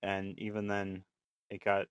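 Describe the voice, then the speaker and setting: A man co-hosting a podcast in casual chat, with dry, terse, deadpan remarks. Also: deep voice, a little slow, clean tone, no room sound. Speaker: podcast co-host.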